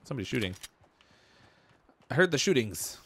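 A man's voice: mid-range voice, sing-song, normal speed, a bit bright, breathy edge. A man from Canada giving casual, jokey commentary while streaming a shooter game. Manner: chatty, laughs often, jokey asides.

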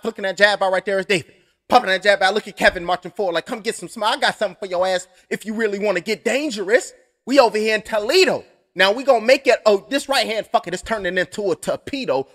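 A young man calls punches blow by blow and drifts into profane, joking stories. His voice sits high for a man. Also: bright, forceful tone. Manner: rambling, profane, joking asides. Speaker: fight commentator. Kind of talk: live blow-by-blow stream commentary.

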